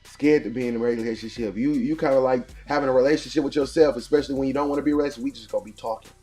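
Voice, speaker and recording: A man's voice: mid-range voice, fairly even intonation, rapid-fire, dark tone, faint music behind. A man hosting a morning motivation show, preaching in punchy, repeated lines. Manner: preachy, punchy call-and-response cadence. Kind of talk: motivational talk.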